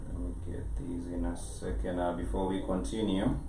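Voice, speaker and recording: A man's voice: sits low, little pitch movement, normal speed, noisy background. Man, show dj, hesitant, filler-heavy, roomy echo, far from the mic. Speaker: DJ and host. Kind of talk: casual radio chat. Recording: echoey, distant.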